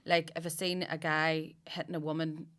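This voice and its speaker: A woman's voice: sits low, little pitch movement, moderate pace, a bit bright. A woman with a Northern Irish accent telling stories in casual podcast chat, swearing freely and laughing often.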